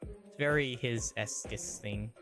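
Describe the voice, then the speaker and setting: A man's voice: mid-range voice, unhurried. A man giving rambling, chatty commentary while streaming a game. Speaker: gaming streamer. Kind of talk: casual gameplay commentary. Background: game music.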